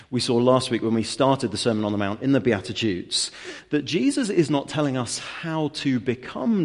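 Earnest male preacher giving a sermon. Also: mid-range voice. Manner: earnest, explanatory, with lively emphasis and rhetorical questions.

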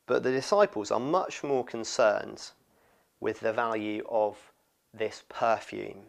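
A man preaching a sermon, expressive and lively, often acting out what people in the story say. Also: lowish voice, slow, vocal fry. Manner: expressive, acts out quoted voices.

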